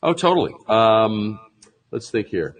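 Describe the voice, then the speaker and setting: A man being interviewed as a branding expert, explaining in an animated conversational way, acting out mock sales pitches and laughing often. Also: a little slow, faint music behind, poor audio.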